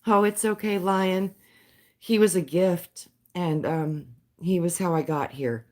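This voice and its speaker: A woman talks to her live-stream viewers at a slow, unhurried pace. Her delivery is soft, dreamy and spiritual. Her voice trembles with emotion now and then. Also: on the low side, steady tone. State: voice shaking with emotion. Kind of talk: slow heartfelt live-stream talk and poem reading.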